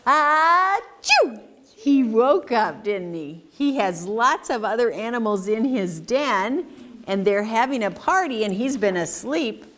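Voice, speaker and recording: Woman doing story time for little kids, bouncy sing-song voice, slow and drawn out, bit of hiss behind. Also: a little high. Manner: animated, sing-song, asks children questions. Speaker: children's story time reader. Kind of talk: reading a picture book aloud to children. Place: community library story time.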